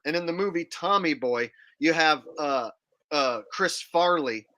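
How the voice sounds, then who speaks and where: A man with a bright, forceful voice and a fairly high pitch for a man hosts a loose open-panel chat over a video call. He tells stories in an animated way, acting out movie lines as he goes. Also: moderate pace. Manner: animated storyteller, acts out quotes. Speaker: host.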